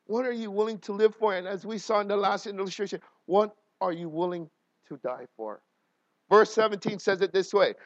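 A man's voice: high-pitched, normal speed, dry recording. Emotional man pastor, dry muffled sound. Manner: emotional, swings from quiet to loud and laughing. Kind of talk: personal storytelling sermon.

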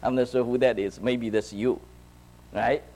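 A man's voice: medium pitch, steady tone, measured pace, mellow, rough recording. A man preaching a sermon to his congregation in a conversational way, often checking in with "right?" and "okay?". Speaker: pastor. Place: church, speaking to a congregation.

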